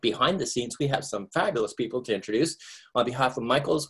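A man's voice: animated, fast talker, a bit bright, breathy edge. A middle-aged man from Nova Scotia with a Canadian accent, hosting a live online crochet class from home in a jokey, rambling way. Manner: jokey, rambling, breaks into squeaky put-on voices.

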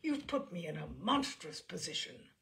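A woman's voice: on the low side, big pitch swings, moderate pace, gravelly, a bit bright, exaggerated voice. A woman reading the part of a flustered, pompous older man who is a solicitor. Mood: indignant. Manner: stiff and indignant.

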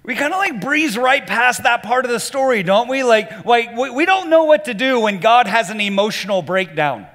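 A man's voice: extremely high pitch, expressive, normal speed, hardly any pauses, fairly bright tone, long reverb tail. A male pastor giving a sermon, chatting easily with the congregation, then building to emphatic preaching. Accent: American Southern. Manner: conversational, rising to emphatic preaching. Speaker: lead pastor.

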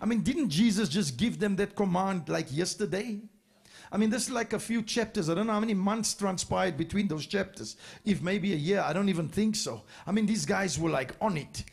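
A man's voice: high voice, a little fast, gravelly, breathy edge. A man preaching a sermon, retelling stories with emphatic, repeated phrases. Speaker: pastor. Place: church.

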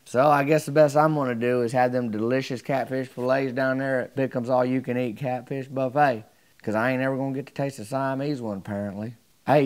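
A man telling a folksy comedic story to camera in a drawling, deadpan, chatty way. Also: medium pitch.

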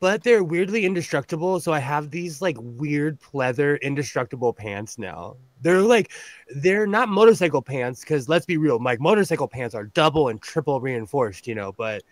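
A man's voice: fairly high pitch, lively intonation, moderate pace, dry recording. A man in his thirties chatting casually as co-host, rambling, joking at his own expense and laughing often. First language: English. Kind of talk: casual chat.

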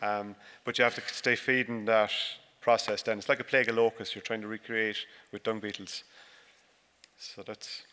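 Bright-voiced man talking in a hall. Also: fairly low pitch, normal speed, smooth. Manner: relaxed and joking, many fillers and restarts. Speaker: conference speaker, dairy farmer. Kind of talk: conference talk with slides. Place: large conference hall. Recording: reverberant hall.

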